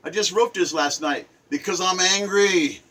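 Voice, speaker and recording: A man speaking as a poet in an impassioned, angry rant to camera, swinging between loud outbursts and low murmurs. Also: moderate pace.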